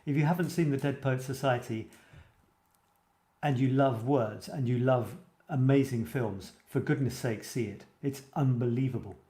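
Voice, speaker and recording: A man's voice: medium pitch, moderate pace, mellow. A man hosting a live show about writing, chatting casually and reading viewers' comments aloud with enthusiasm. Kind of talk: casual live-stream chat. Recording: roomy echoey sound.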